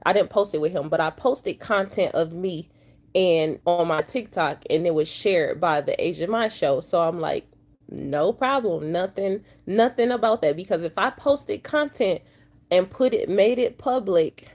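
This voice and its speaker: Just awake and upset, a woman truck driver vlogs emotionally to her viewers in a lowish, darkish voice. She talks slowly with a drawl and calls her audience y'all.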